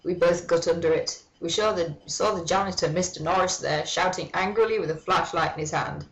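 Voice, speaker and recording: A woman's voice: fairly low pitch, fairly quick, rough recording. A woman giving a mock-dramatic reading of a fan story, breaking off for sardonic, swearing asides. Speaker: comedic reader.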